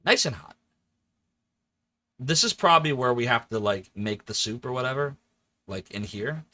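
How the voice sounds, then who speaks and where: Animated, bright-voiced streamer man. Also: mid-range voice, normal speed. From Philadelphia area. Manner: animated, chatty, laughs often, jumps between joking voices. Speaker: livestreamer. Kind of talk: casual let's-play chat.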